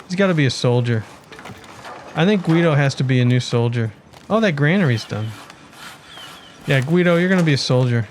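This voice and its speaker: A man's voice: medium pitch, animated, fairly quick, pauses often, slight background noise. A man giving casual commentary on his city-building game, thinking aloud and chatting to his villagers as he plays. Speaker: let's play gamer.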